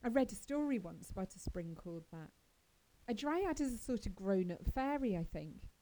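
Woman reading as a gushing orphan girl, eager and dreamy, mellow tone, faint hiss behind. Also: medium pitch, animated, moderate pace, lightly acted, poor audio. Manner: breathless, gushing and wide-eyed. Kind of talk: audiobook character reading.

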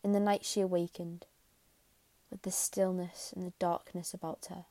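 A woman reading a classic novel aloud in a quiet, measured way, sometimes sinking to a whisper. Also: fairly low pitch, no echo. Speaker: audiobook narrator. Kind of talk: scripted narration.

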